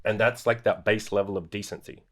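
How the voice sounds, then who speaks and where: A man with a fairly low voice hosts a podcast in loose, casual chat. He is blunt and laid-back and swears freely as he talks things through. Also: fairly even intonation, fairly quick, fairly bright tone. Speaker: podcast host.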